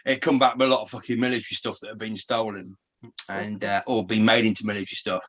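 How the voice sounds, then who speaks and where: A man's voice: lowish voice, fast. Rambling, swearing man. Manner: rambling, swears freely, restarts often; animated storytelling. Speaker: podcast co-host. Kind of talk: casual chat.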